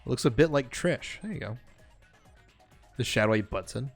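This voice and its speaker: A man's voice: medium pitch, lively intonation, normal speed. A male streamer with a mid-range voice reads game text aloud and drifts into loose, filler-heavy commentary. Faint game music plays under him. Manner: casual, rambling, many fillers.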